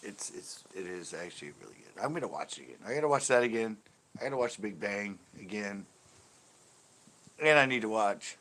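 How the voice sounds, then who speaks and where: Relaxed male stream host, low-ish voice, rambling and easygoing. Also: a little fast. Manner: rambling, laid-back, laughs easily. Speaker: fishing channel host. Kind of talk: casual livestream chat.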